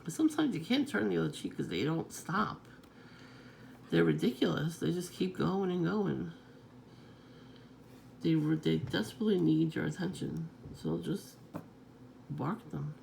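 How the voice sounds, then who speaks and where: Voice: mid-range voice, expressive, normal speed, gravelly, long pauses, a little mellow, a little hiss or hum. A vlogger talking in a casual, rambling monologue, swearing freely and chuckling often.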